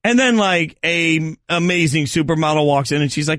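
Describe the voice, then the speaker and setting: Playful fill-in sports radio host, man, slightly higher voice, dry close mic. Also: moderate pace, few pauses, a bit bright, no room sound. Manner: playful, self-mocking, rambling. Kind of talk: joking sports radio chat. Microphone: studio mic.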